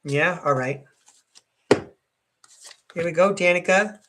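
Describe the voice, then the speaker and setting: On a very noisy live stream, a middle-aged man gives an upbeat, chatty tarot reading, addressing viewers by name. His voice sits high and he speaks slowly.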